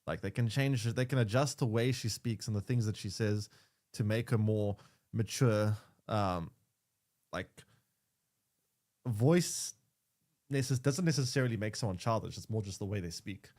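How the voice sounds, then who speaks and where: A young gaming streamer offers casual commentary, frequently stammering, restarting and repeating himself. His voice is lowish and a little mellow, at normal speed with frequent pauses.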